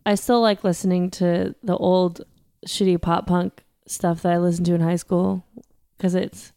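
A woman on a casual podcast chimes in with dry, wry comments. Her voice is smooth and slightly low. The recording is dry and close. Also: flat delivery, moderate pace, warm tone, dry recording. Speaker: podcast co-host.

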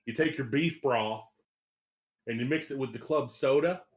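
A man's voice: medium pitch, natural voice. A man putting on a stammering Southern good ol' boy. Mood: deadpan folksy. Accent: put-on Southern US. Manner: stammering, repeats words, drawn-out and deadpan. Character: folksy rambling Southern man giving bad recipes. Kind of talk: comedic improv on a remote podcast.

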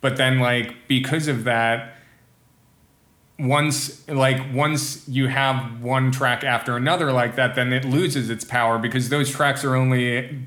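A man talking as a podcast guest in casual conversation, thoughtful and often pausing to find his words. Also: mid-range voice, steady tone, fairly bright tone. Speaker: guest musician. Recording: roomy echoey sound.

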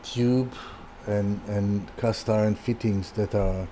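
Older man telling a halting, mellow-toned story. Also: lowish voice, steady tone, slight background noise. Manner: halting, with many restarts and repeated words. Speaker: guest, furniture designer. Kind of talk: casual anecdotal storytelling.

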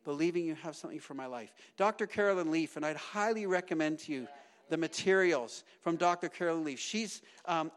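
A middle-aged man preaching a sermon as pastor, swinging between loud emphatic bursts and hushed, low asides.

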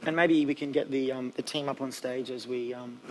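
A man's voice: mid-range voice, steady tone, fairly quick, rough recording. A man preaching a sermon from a church stage as youth pastor, earnest and emphatic, with fillers between his points.

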